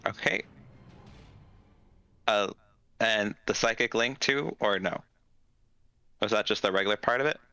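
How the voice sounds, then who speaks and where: A man's voice: on the low side, unhurried, vocal fry, long pauses, sharp tone, clear, resonant tone, faint music behind. A man running a tabletop game as dungeon master, patiently explaining rules step by step.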